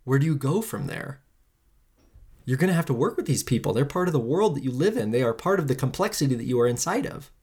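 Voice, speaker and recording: A solo podcast host in full impassioned flow, preaching to listeners with emphatic repetition and casual swearing. The pitch leaps up and drops low from line to line, and the pace keeps changing. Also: expressive, fast, darkish tone, slightly rough. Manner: pitch and pace swing widely between lines.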